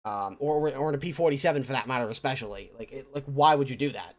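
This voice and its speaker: A man's voice: mid-range voice, quick pace. A man sharing his views on a gaming podcast. He is opinionated but hesitant, with many ums and restarts. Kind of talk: casual gaming podcast chat.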